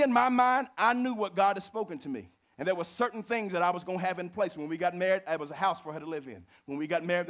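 A middle-aged man preaching from the pulpit in a high voice. He drops into low, conversational storytelling, then rises to fervent, ringing exhortation. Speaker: pastor. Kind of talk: sermon.

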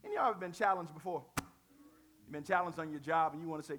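A man preaching a sermon in a lively, conversational way, asking the congregation questions and using slang. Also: high-pitched, racing.

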